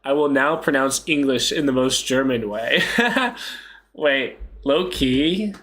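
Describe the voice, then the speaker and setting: A man's voice: medium pitch, animated, slow pace, a bit bright. A young man chatting casually on a live stream, joking, self-mocking and laughing often.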